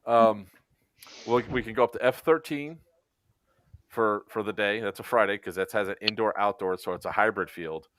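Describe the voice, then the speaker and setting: A man co-hosting a casual podcast, telling stories in an animated way and acting out quotes. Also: on the low side, moderate pace. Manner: animated storyteller, acts out quotes. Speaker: co-host. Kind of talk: casual podcast chat, storytelling.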